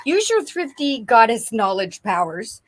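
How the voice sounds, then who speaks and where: A woman giving an effusive, excitable psychic reading on a live stream, often breaking into laughter. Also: a little high, measured pace, slight background noise. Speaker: psychic reader.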